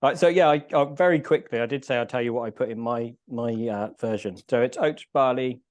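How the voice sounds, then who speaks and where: A man's voice: medium pitch, brisk. A male podcast host in casual chat, talking through a mouthful and murmuring between words. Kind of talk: casual chat while tasting food.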